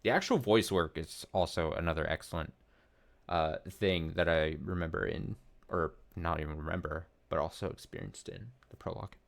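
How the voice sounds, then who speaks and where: Deep-voiced rambling streamer man. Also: moderate pace, creaky. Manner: rambling, swears, many fillers and restarts. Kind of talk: let's play commentary.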